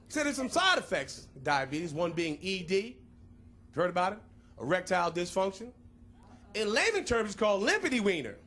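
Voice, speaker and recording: High, lively male stand-up comic. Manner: playful, punchy, drawn-out punchlines. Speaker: stand-up comedian. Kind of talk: stand-up comedy set. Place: comedy club stage. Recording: live club crowd and noise.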